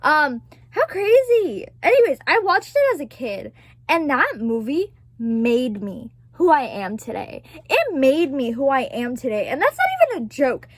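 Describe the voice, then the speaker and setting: High, lively young woman gushing. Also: a little slow, no room sound. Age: 20s. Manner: gushing and profane, laughs often. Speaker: vlogger. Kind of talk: casual chat.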